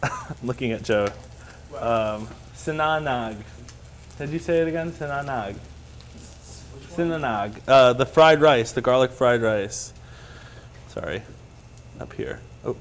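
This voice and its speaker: A man's voice: mid-range voice, unhurried, long pauses, a little hiss or hum. A man teaching a live cooking class in a kitchen, chatty, upbeat and self-deprecating, over the sound of sizzling pans and clattering cookware. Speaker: cooking instructor. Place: kitchen studio. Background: sizzling pan and clattering cookware.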